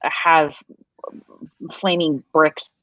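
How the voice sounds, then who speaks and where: A woman host chatting casually, playful and quick with asides. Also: sits low, steady tone, a bit bright, no room sound, dull audio. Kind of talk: casual chat.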